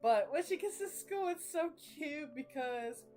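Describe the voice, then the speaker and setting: A woman's voice: high-pitched, lively intonation, unhurried, a little mellow, soft background music. A young woman chatting casually about her reading. She rambles, uses slang and laughs often. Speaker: reading vlogger. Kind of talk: casual chat.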